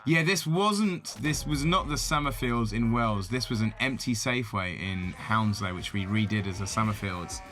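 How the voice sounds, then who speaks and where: A man's voice: lowish voice, moderate pace, few pauses, a bit bright. A man in casual film-commentary chat, rambling with many fillers. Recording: faint music behind.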